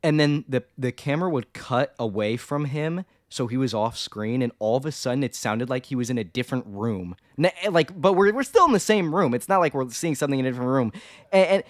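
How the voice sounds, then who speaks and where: A man's voice: mid-range voice, a little fast, dry recording, clean studio sound. A young man co-hosting a movie review show, chatting casually and animatedly about a film's flaws. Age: young adult. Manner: animated, jokey, talks over others. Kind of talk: casual chat.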